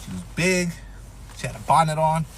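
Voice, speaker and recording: A man's voice: fairly high pitch, moderate pace, a little hiss or hum. A man telling a profane, comedic personal story, acting out what people said. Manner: animated, profane, acts out quotes.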